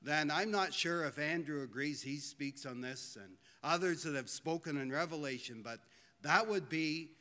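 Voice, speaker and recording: High-voiced earnest preacher in a hall. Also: male voice, sharp tone. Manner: earnest, pleading, slows for emphasis. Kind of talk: sermon. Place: church hall. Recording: long hall reverb.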